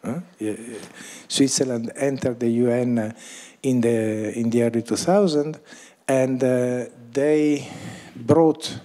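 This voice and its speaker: A man's voice: mid-range voice, steady tone, takes it slowly, warm tone. A man moderating a film screening, giving hesitant introductory remarks full of fillers and small chuckling asides. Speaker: event moderator.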